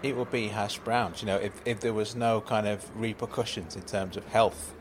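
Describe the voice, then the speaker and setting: A man's voice: lowish voice, fairly even intonation, moderate pace, slight background noise. A man in an audio sitcom, talking in a rambling, apologetic, stammering way. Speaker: comic performer.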